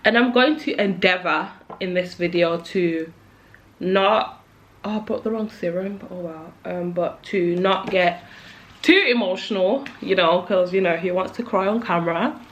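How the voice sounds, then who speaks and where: A young beauty vlogger with a lowish voice talks at a measured pace while putting on makeup, chatting casually yet nervously to camera. She's jittery, emotional and on the verge of tears, trailing off with plenty of "likes" and restarts. The recording has cut-off highs and a little hiss or hum.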